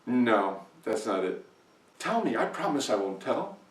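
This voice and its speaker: A man voicing an envious rich male neighbor who presses quietly and insistently, in an echoey room from far off. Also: medium pitch, very animated, a little slow, voice pushed down. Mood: wheedling.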